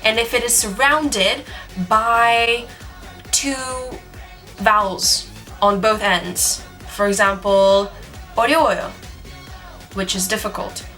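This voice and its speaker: A woman's voice: mid-range voice, steady tone, slow, pushed and bright. A young woman giving a casual video lesson, chatty and giggly, sounding out examples as she goes. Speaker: language teacher. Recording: faint music underneath.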